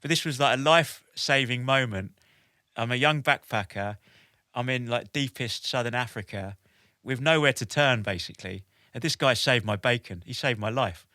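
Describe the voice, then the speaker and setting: A man in his forties, a podcast guest telling a lively anecdote in an animated way, with lots of "like" and "basically". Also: medium pitch, moderate pace, no room sound, clean studio sound. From United Kingdom. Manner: animated, with many "like" and "basically" fillers. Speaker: podcast guest, military veteran.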